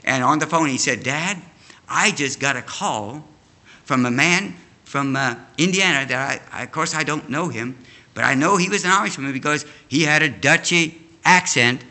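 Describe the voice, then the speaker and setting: Older guy from amish roots telling his testimony at church, folksy, pretty bright tone. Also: a little high, normal speed. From Amish community. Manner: folksy storytelling, addresses the congregation. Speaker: guest preacher. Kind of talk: sermon testimony.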